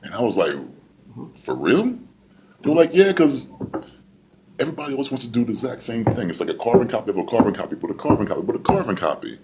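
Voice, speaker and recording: A man on a convention panel telling a story with excitement, laughing and acting out what people said. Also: mid-range voice, fast talker, background noise. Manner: excited, laughing, acts out quotes. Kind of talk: casual storytelling.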